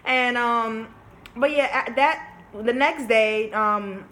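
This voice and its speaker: A woman's voice: a little high, takes it slowly, a bit bright. A young woman telling a story to camera in a candid, chatty way, swearing freely and filling her talk with "like" and "you know.". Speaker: vlogger. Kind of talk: casual storytime chat.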